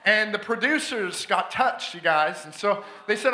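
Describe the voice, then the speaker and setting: A man from Alberta, Canada, preaching a sermon in a church, telling stories with excitable energy, laughing often and building to shouts. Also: sits high, unhurried, hardly any pauses. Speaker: guest preacher. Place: church sanctuary. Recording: echoey church hall.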